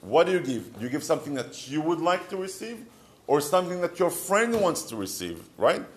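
A man's voice: a little high, big pitch swings, fairly quick. A middle-aged man with an Israeli accent giving a short, conversational advice talk, asking rhetorical questions with light humor. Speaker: marriage counselor.

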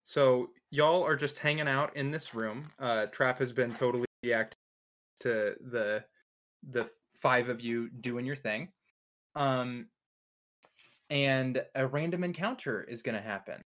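A man narrating as dungeon master, talking in a halting way with many fillers. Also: medium pitch, a bit bright. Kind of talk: narrating a tabletop game.

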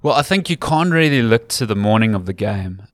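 Low-voiced South African man, measured. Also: animated, dry recording. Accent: English South African. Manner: measured, methodical, emphatic. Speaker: rugby commentator guest. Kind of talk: casual interview chat.

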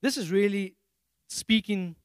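A man from Africa, preaching a sermon on a handheld mic and acting out prayers in a high, excited voice. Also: a little slow, clean tone, dry recording. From South Africa. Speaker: pastor.

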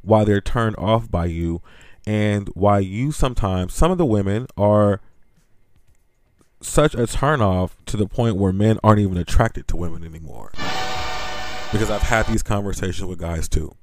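A man's voice: on the low side, normal speed, music in the background. A man hosting a podcast, ranting and gossiping in a sassy, blunt, profane way and laughing often as he talks. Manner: animated, sassy, laughs often while talking. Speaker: podcast host.

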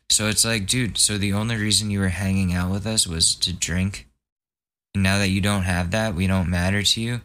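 In this casual podcast monologue, a young male host tells a long, profane story, sounding exasperated and imitating other people in mocking voices. He speaks at normal speed in a low, fairly bright voice with fairly even intonation.

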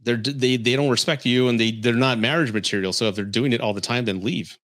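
A man hosting a podcast hands out blunt, candid relationship advice in a casual chat, reading viewer comments as he goes. His medium-pitched voice is a bit bright and moves at a quick pace.

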